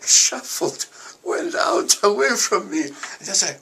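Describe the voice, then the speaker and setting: An older man with an Italian accent, recalling his past in an interview in a halting way, often starting over and laughing at himself. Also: sits high, huge pitch swings, vocal fry, sharp tone, husky. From Italy. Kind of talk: reminiscing interview.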